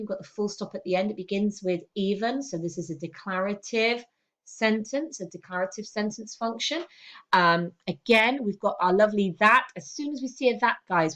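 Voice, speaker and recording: A woman English teacher talking through a lesson in a steady, explanatory way, checking in with "okay" as she goes. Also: mid-range voice. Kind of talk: recorded classroom lesson.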